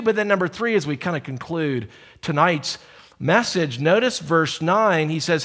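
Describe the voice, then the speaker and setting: A middle-aged male preacher delivers a sermon with a somewhat high voice. He tells personal stories in a hushed, casual tone, then climbs into emphatic exhortation. The sound carries a long reverb, like a large church hall. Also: big pitch swings, moderate pace. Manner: storytelling, shifts from hushed to emphatic.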